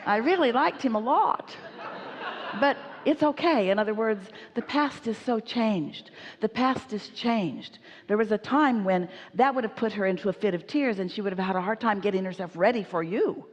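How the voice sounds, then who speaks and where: A woman speaks on stage at an inspirational seminar, emphatic and animated, referring to herself as "we". Her mid-pitched voice rings with the long reverb of a large hall. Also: moderate pace, few pauses. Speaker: speaker answering audience questions.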